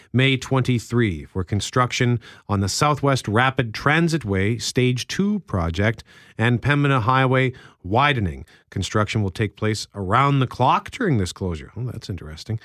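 Male radio co-host, relaxed banter plus steady news read, dry close studio sound. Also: lowish voice, no room sound. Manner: easygoing, laughs easily, reads copy evenly. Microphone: studio microphone.

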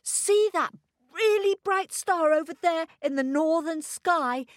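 A woman voicing an earnest young boy who pleads and begs in a high, eager voice. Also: takes it slowly, dry recording, clean studio sound.

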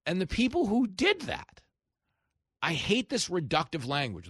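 Animated sarcastic male radio host. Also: sits high, measured pace, breathy edge, dry recording, studio quality. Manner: animated, sarcastic, mimics opponents in mocking voices. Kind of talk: opinionated talk radio monologue. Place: radio studio. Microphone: studio mic.

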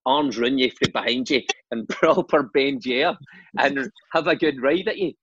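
Scottish man, forties, husky, dry close sound, slightly muffled lo-fi podcast audio, animated storyteller. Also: mid-range voice, normal speed, dry recording. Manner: animated anecdotes, laughing and swearing. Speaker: guest, former footballer and manager. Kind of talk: casual storytelling chat.

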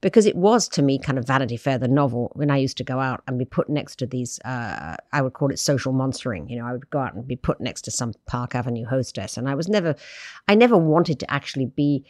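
A woman's voice: a bass voice, quick pace, no echo, studio quality. An older woman, a magazine editor, telling stories as an interview guest with many asides. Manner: lively storytelling, many "you know" and "I mean". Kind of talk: relaxed interview conversation.

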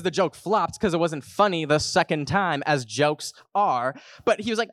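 A young man hosting a podcast, telling a comic story to a live audience in an animated, jokey way. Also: moderate pace, few pauses, no room sound. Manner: animated, jokey, puts on high voices for quotes. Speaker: podcast host.

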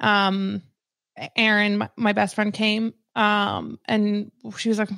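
Gravelly-voiced chatty young woman. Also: mid-range voice, level tone, unhurried, fairly bright tone, no echo, clean studio sound. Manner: chatty, emotional, many "like" fillers. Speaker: co-host. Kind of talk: casual chat.

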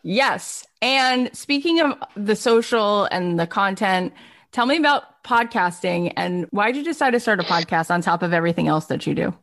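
A woman hosting a podcast interview, effusive and quick to affirm and praise her guest. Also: medium pitch, lively intonation, fairly bright tone. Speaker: podcast host.

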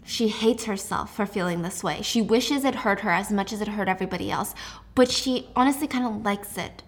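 A young woman hosting a casual book recap, telling the plot in a lively, chatty, sarcastic way. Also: medium pitch, fairly quick. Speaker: host.

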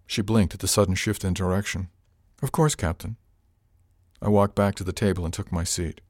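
Low-voiced male audiobook narrator. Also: flat delivery, fast talker, a little mellow, no echo, clean studio sound. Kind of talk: first-person audiobook narration.

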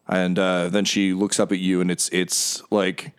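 A man's voice: low voice, level tone, measured pace, hardly any pauses, clear, resonant tone. A man narrating as game master of a tabletop game, describing scenes with frequent ums.

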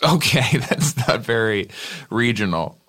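A man hosting a comedy podcast slips in dry, sarcastic asides during loose improvised banter. His voice has a bright, forward edge at a middle pitch. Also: animated, measured pace.

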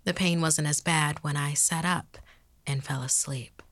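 A woman host reading a ghost story aloud in a measured way, dropping to a whisper at eerie moments. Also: low voice, steady tone, fairly bright tone, no echo.

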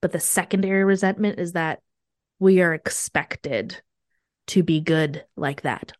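A woman's voice: fairly low pitch, measured pace, dry recording, clean studio sound. A woman guest on a podcast, chatting casually and telling stories with animation and frequent laughter. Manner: animated storytelling, laughs often. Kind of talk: casual chat.

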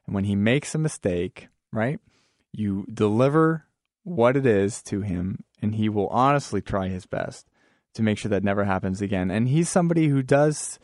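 Male business-owner guest, lowish voice, loose and chatty, dry close mic. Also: expressive, normal speed, darkish tone, no echo. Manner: chatty, rambling, many fillers and laughs. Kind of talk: casual radio interview. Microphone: studio microphone.

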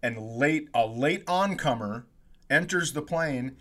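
A man hosting a comedy podcast, telling a story in a casual, animated way and acting out what people said. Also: mid-range voice, takes it slowly. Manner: animated storyteller, acts out quotes, laughs often.

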